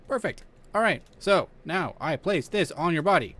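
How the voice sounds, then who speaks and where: A man streaming a horror game, talking to himself, swearing and yelling at the game as he plays. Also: fairly high pitch, animated, moderate pace. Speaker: gaming streamer. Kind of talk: let's play commentary.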